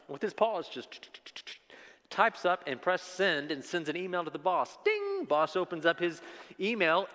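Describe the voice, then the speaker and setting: A man's voice: on the high side, fairly bright tone, long reverb tail. A man preaching a sermon as pastor, telling a folksy joke story with self-deprecating asides before moving into the text.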